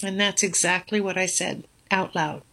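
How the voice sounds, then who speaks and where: An older woman, a grandmother, slowly telling a painful family story, halting and earnest with many fillers. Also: fairly low pitch, steady tone, bright, forceful tone. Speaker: guest. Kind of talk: personal storytelling.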